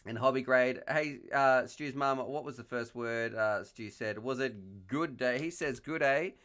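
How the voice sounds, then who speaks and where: A man hosts a relaxed live stream and talks into a headset mic. He chats and jokes easily as he reads viewer questions aloud. His voice sits at an ordinary middle pitch. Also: a little slow. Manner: chatty, joking, reads chat messages aloud.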